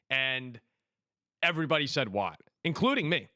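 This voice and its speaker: Man, sports host, animated storytelling, bright forceful voice, dry close sound. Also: medium pitch, fast talker, no echo. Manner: animated storytelling, laughs often. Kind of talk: casual sports chat.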